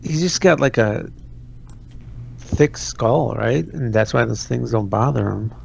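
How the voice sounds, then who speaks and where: Brief: gravelly male co-host, crude teasing chat, muffled recording. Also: medium pitch, a little slow, slight background noise. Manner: mock-scolding, crude banter. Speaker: podcast co-host. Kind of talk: casual chat. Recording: dull lo-fi sound.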